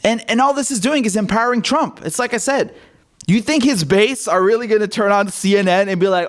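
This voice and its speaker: A man with a fairly high voice delivers heated political commentary on his own show. He talks bluntly and sarcastically, throwing in a swear word now and then. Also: expressive, fairly quick.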